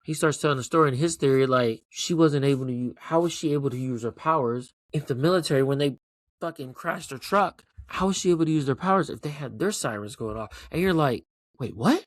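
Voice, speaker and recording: Excitable, foul-mouthed male show host. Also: a little high, brisk, no echo, studio quality. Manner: excited, profane, rambling with frequent "right?". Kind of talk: casual TV recap commentary.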